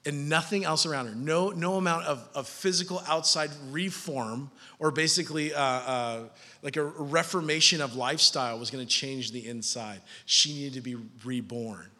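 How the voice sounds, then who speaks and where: A man in his thirties preaching a sermon, animated, shifting from soft and low to loud and high. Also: normal speed. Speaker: pastor. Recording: long hall reverb.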